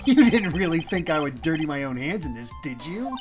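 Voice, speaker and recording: A woman's voice: low voice, sing-song, fairly quick, over music. A woman voicing a cold, mocking male celebrity villain while reading game dialogue aloud. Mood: menacing.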